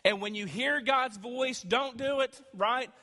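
A man preaching a sermon as pastor, emphatic and swinging between loud and quiet. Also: very high-pitched, unhurried. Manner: emphatic preaching, rising and dropping loudness. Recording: echoey hall with long reverb.

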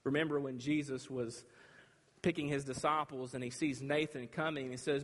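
A man preaching a sermon, emphatic and dramatic, with long pauses between phrases. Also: mid-range voice, fairly even intonation, a bit bright. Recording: reverberant hall.

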